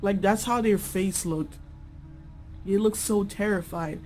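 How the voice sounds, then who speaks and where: A woman's voice: mid-range voice, slow pace, darkish tone. Woman telling her dream story all casual and chatty, music playing under it. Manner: informal, chatty, lots of fillers. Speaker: dreamer sharing a testimony.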